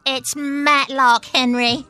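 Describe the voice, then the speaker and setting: A woman's voice: high voice, flat delivery, slow, pushed and bright, faint music behind, exaggerated voice. A woman voicing a retired older wife who scolds her husband and misses the romance they used to have, in a radio comedy sketch. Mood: scolding. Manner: scolding, wistful.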